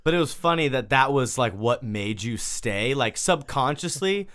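Dude hosting a podcast, mid voice, animated, acts out quotes when he tells a story. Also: medium pitch, normal speed. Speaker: podcast host. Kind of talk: casual interview chat.

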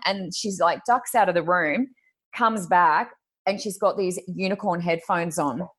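A woman's voice: medium pitch, moderate pace. A woman telling a funny story as a podcast guest, laughing often and mimicking other people's voices. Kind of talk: casual chat, animated storytelling.

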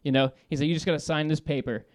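A man calling in to a talk show, telling a story in a lively, laughing way, swearing and restarting his sentences. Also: on the high side, fast. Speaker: caller. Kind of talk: casual storytelling.

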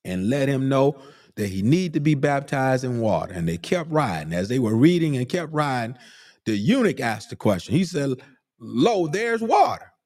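A man preaching a sermon, breaking off often with "glory be to God" and "hmm?", rising into fervent, drawn-out emphasis. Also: medium pitch, expressive, a little mellow.

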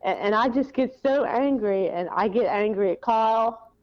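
A woman's voice: fairly high pitch, moderate pace. A woman hosting a podcast, speaking candidly and encouragingly, with blunt language at times. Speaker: podcast host. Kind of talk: casual conversation. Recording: dull lo-fi sound.

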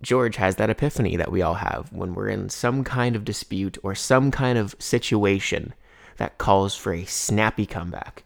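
A young man chats to his viewers in a loose, wandering way, piling on fillers as he tells his story. His voice sits a touch low and carries a gravelly fry. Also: moderate pace. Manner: rambling, filler-heavy, keeps saying "anyways". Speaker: vlogger.

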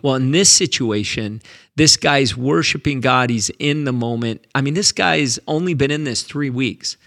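A pastor speaks with a gravelly, fry-edged voice at a middle pitch. He tells his story earnestly and grows animated, doubling back on words as he presses a point. His delivery is conversational but driven. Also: moderate pace, no room sound, studio quality. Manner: earnest, animated, repeats words when excited. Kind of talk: conversational storytelling about faith.

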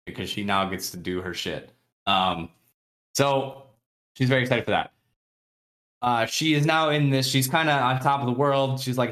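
Speaking at normal speed with a medium-pitched, fairly bright voice, a podcast co-host gives a casual rundown of a book chapter. He's chatty, laughs frequently, and performs the characters' lines.

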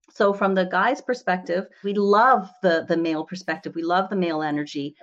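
A woman real estate investor speaking as an interview guest, animated and chatty, filling her talk with "you know" and "right?". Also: mid-range voice, muffled recording.

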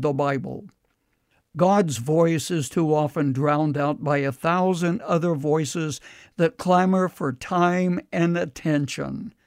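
A man delivering a scripted radio devotional in a measured, earnest storytelling manner. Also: fairly high pitch, gravelly, a little mellow, dry recording, clean studio sound.

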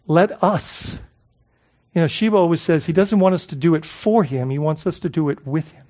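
A man's voice: high-pitched, a little mellow. A male pastor preaching a sermon in a conversational way, asking the congregation rhetorical questions and often repeating words as he searches for phrasing. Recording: dull lo-fi recording.

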